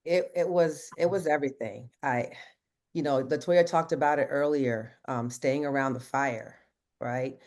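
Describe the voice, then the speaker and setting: A man speaks in earnest on a team video call about his own experience. His voice sits at a middle pitch and he talks in a loose, conversational way, full of fillers and restarts. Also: unhurried, a little mellow. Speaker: insurance agent sharing his story.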